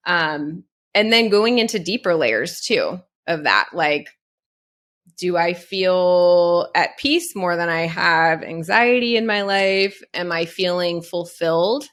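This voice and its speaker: A woman's voice: fairly low pitch, takes it slowly, fairly bright tone. A woman guest on a podcast, talking earnestly and reflectively, asking herself questions aloud. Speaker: podcast guest, Pilates business coach. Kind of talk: casual conversation.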